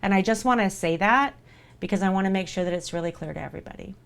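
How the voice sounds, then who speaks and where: A woman streaming live and speaking straight to her community. Her voice sits at an ordinary middle pitch, and her delivery is earnest and reassuring. She keeps coming back to the same words to drive her point home. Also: fast talker, vocal fry, a little hiss or hum. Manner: earnest and reassuring, repeats for emphasis. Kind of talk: live-stream chat to viewers.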